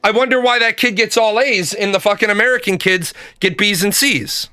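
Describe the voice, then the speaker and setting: A man rants casually, swearing freely and repeating lines for emphasis. His voice sits high with a bright, forceful tone. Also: a little fast, clear, resonant tone, dry recording. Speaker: commentator. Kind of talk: casual profane rant.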